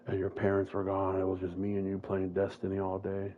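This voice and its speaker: A man's voice: deep voice, completely flat delivery, brisk, narrow, tinny audio, slight background noise, lightly acted. A man voicing a bitter, menacing male villain who taunts his former best friend in a cold, profane way. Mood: taunting.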